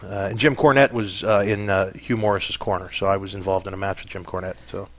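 A man's voice: deep voice, fairly even intonation, a little fast, fairly bright tone. A man from Pennsylvania telling stories in a casual interview, chatty and self-deprecating. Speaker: interview guest.

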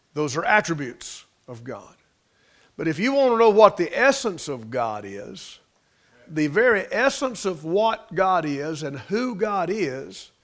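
A pastor delivers his sermon in an unhurried, deliberate way, letting each phrase land before moving on. His voice sits a bit high for a man. He leans on repetition and swells in emphasis, with the odd folksy turn of grammar. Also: fairly bright tone.

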